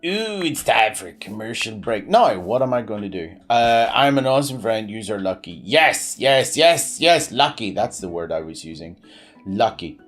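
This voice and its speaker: A man's voice: very animated, normal speed, fairly bright tone, faint music behind. Streamer guy in his 30s, rambly, lots of ums, voice jumps all over. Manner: rambling, many fillers and restarts; pitch swings widely. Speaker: game streamer. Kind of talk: live-stream chat.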